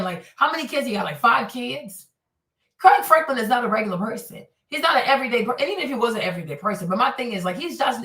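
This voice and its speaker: A woman from Northern Virginia hosting a casual commentary show, telling stories with indignant energy and acting out what people said. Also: on the high side. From Northern Virginia, USA. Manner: animated, indignant storytelling with acted-out quotes. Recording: echoey room, voice a bit far from the mic.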